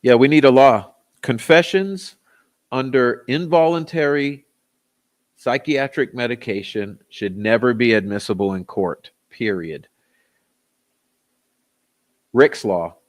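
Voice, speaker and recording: A man's voice: medium pitch, slow, long pauses. Sarcastic, profane man ranting. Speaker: commentary channel host. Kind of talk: ranting commentary.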